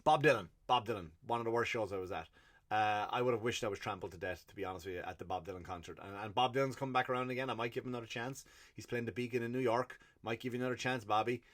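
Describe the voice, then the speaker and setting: A man's voice: mid-range voice, rapid-fire, fairly bright tone. A man with an Irish accent, a comedian hosting his own podcast, delivering a blunt, profanity-filled solo rant. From Ireland.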